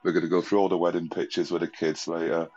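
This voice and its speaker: A man's voice: deep voice, little pitch movement, fast talker, darkish tone, muffled recording. An Englishman calling into a show, telling a rambling story, laughing often and swearing casually. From England. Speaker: guest calling in.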